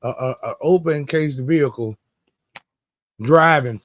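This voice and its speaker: A man's voice: a little high, unhurried, lo-fi sound. Fired-up man telling a grudge story. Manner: animated, indignant, heavy profanity. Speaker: podcast co-host. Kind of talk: casual profane storytelling.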